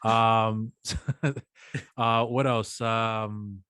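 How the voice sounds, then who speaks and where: In a clean, echo-free studio recording, a podcast co-host speaks extremely slowly in a lowish, fairly flat voice that is bright, forceful, clear, and resonant. He chats casually, telling a long, rambling tale and performing the characters' voices.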